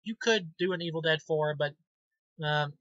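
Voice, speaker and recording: Amateur male film reviewer, bright tense voice, chatty and rambling, dry dull lo-fi sound. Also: on the high side, normal speed, dry recording. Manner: enthusiastic, rambling with many ums and restarts. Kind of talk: casual movie review.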